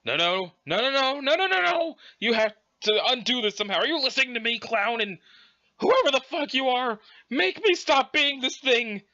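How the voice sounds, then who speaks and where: A stuttering, self-loathing fused abomination, put on by a male reader, speaking in halting, drawn-out bursts. The voice rides high and swings widely, with a bright edge over a dull, lo-fi recording. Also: sing-song, heavily acted. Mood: panicked. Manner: faltering, drawn-out, anguished.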